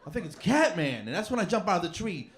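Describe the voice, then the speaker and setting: A man works through a stand-up set, rambling and mocking himself in a fairly high voice. He speaks into a handheld mic on a comedy club stage. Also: quick pace. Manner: rambling, self-mocking deadpan. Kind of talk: stand-up routine.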